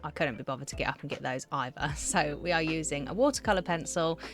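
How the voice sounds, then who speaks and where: A woman with a low voice talks through her art vlog in a relaxed, chatty voiceover. She giggles often and runs herself down. Faint music plays underneath her words. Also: quick pace. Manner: chatty, giggly, self-deprecating. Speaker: art vlogger. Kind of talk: casual voiceover narration. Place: home art studio.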